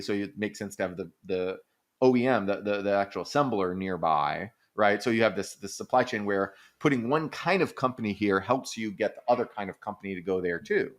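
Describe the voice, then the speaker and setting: A man hosting an economics podcast, explaining in casual chat, thinking aloud with frequent restarts and fillers. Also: lowish voice. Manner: animated, breaks into silly quoted voices.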